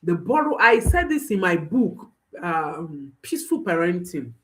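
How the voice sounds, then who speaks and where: A woman's voice: lowish voice, very animated, measured pace, fairly bright tone, low-quality recording. A woman speaking as a parenting coach, giving an instructional talk and repeating key phrases for emphasis while reassuring listeners directly.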